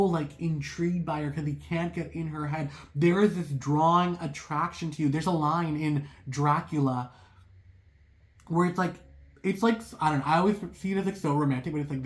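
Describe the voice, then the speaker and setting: An excitable tarot reader talks straight to viewers in a casual reading. Their voice sits in a middle range and their thoughts race ahead. The delivery is loose and rambling, full of "like" and apologetic side remarks. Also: mid-range voice, moderate pace. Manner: rambling, heavy use of "like"; apologetic asides.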